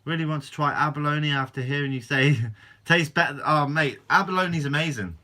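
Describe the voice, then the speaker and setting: This is a young Guernsey man who hosts a fishing channel, chatting casually on a live stream as he reads and responds to audience questions. His voice is forward and bright, pitched a touch high for a man, at normal speed.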